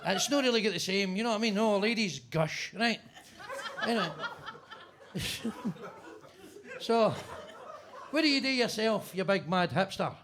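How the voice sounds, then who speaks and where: A man doing stand-up crowd work in a basement club, brash and foul-mouthed as he teases the people in front of him. His voice sits high for a man. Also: animated, a little slow, pauses often. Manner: brash, swearing, teasing the audience. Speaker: stand-up comedian.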